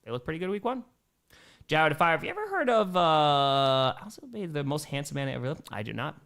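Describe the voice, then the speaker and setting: A man's voice: very animated, a little fast, fairly bright tone. A man in his thirties, a streamer reading chat questions aloud and chatting loosely in a casual live Q&A. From Wisconsin, USA. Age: 30s. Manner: chatty, reads chat aloud and riffs, talks to his cats in a high baby voice.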